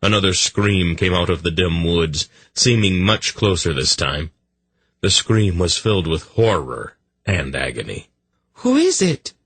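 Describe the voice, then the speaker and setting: A man narrating a fantasy audiobook in an even, measured storytelling manner. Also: low-pitched, husky, no echo.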